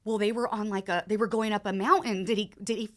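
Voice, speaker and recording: On a podcast, a woman in her thirties recounts something emotional and personal, stumbling forward in bursts full of fillers and repeats. The voice sits mid-range, steady in tone and slightly bright.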